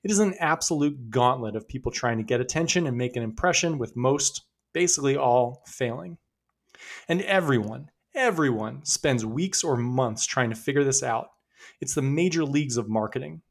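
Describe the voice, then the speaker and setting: A man's voice: medium pitch, animated, moderate pace, gravelly. A man hosting a podcast, telling stories in a conversational, upbeat way. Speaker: podcast host. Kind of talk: scripted podcast narration.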